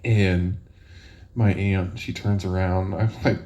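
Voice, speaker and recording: Laid-back, low-voiced guest, laughing often. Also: male voice, little pitch movement, slow pace, dark tone, dull audio. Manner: laughs often while telling stories. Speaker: podcast guest. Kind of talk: casual chat.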